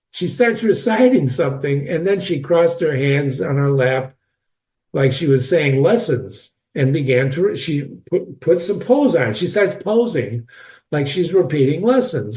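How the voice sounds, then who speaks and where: A man's voice: fairly high pitch, dark tone. A man giving a reading lesson on a novel, talking straight to his listeners in a chatty, emphatic way. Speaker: literature teacher.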